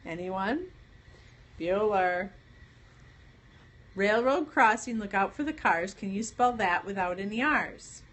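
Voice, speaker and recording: A woman co-hosts a late-night livestream in easy, playful chat. She laughs often and keeps the talk light and teasing. Her voice sits at a middle pitch. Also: lively intonation, moderate pace, hardly any pauses, fairly bright tone. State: pregnant. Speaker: livestream co-host.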